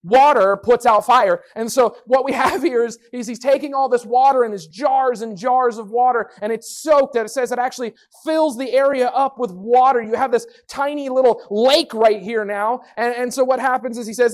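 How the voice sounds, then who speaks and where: A woman teaching a Bible story lesson in a lively, playful way, full of asides. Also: on the high side, moderate pace, few pauses. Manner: lively, playful, lots of voices and sound effects.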